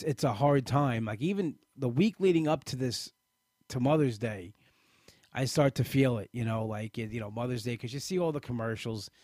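Male podcast host, casual rambling delivery, mid pitch, dry close mic. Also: a little mellow, no echo. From Italian-American family. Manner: rambling, frequent restarts and fillers. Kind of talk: casual live podcast chat.

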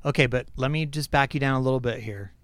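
A man co-hosting a podcast in casual chat, animated and teasing, mocking critics in exaggerated voices. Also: medium pitch, quick pace, no room sound. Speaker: podcast co-host.

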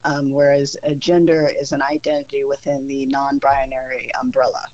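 Podcast guest, mid pitch, explaining at length, thinking aloud, casual chat, dull lo-fi sound. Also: little pitch movement, moderate pace, darkish tone.

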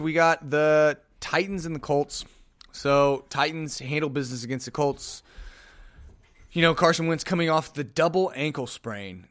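A man's voice: medium pitch, fairly bright tone. A man hosting a casual solo sports podcast, rambling with sarcastic asides.

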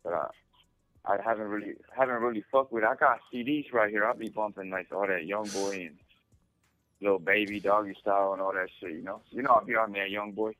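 A man's voice: lowish voice, fairly even intonation, brisk, bright, forceful tone. A man calling in from prison, talking in a laid-back, slangy way full of swearing over a phone line. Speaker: caller from prison. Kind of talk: casual phone chat.

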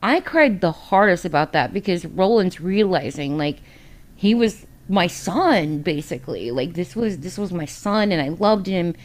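Candid, profane woman podcast co-host. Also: on the low side. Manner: candid, emotional and heavy on profanity; rambling, with many fillers. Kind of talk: casual book discussion.

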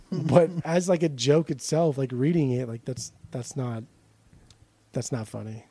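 A man's voice: medium pitch, a little slow, dark tone, slightly rough, no room sound. A man from Southern California with a Southern Californian accent, chatting casually as a podcast co-host, swearing freely and restarting his sentences. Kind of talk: casual chat.

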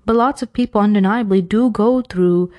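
New york woman giving islamic life advice, chatty and blunt, mellow warm voice. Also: mid-range voice, normal speed. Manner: chatty, frank, digresses with self-aware humor. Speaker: advice speaker. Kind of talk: casual Islamic advice talk.

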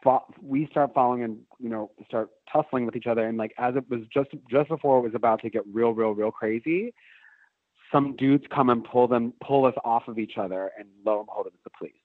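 A man's voice: medium pitch, a little fast, no room sound. A man telling a long story in casual chat, swearing freely and rambling with fillers and restarts. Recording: phone-like narrow band.

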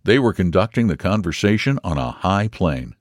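Deep-voiced male storyteller, very expressive. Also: normal speed, no room sound, studio quality. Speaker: narrator. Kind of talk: audiobook reading.

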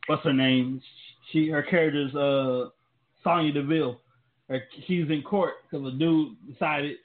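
Male co-host for casual chat, slangy storyteller, a bit high, phone-thin audio. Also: steady tone, fairly quick. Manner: loose, rambling storytelling, slangy. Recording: tinny phone-like sound.

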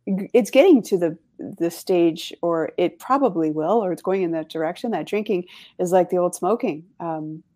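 A woman who coaches clients, with a voice a bit lower than most women's. She talks casually and thinks aloud, explaining ideas through analogies with frequent ums. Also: moderate pace, dark tone. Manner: thoughtful, uses analogies, many fillers. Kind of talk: casual conversation.

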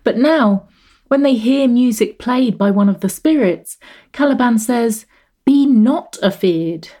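A woman narrating a scripted literature lesson in a measured, explanatory manner, slowing to read verse rhythms. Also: on the high side, dark tone.

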